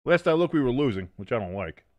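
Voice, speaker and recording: Lively, rambling male watch-along host. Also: medium pitch, fast, no echo, dull audio. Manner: rambling, self-mocking, swears freely. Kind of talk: casual live game commentary with banter.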